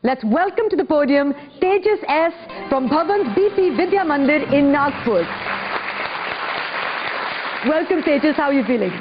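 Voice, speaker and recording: High-voiced woman hosting a spelling contest. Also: expressive, a crowd in the background. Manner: clear, measured, encouraging. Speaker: quiz host. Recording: dull lo-fi broadcast audio with faint music.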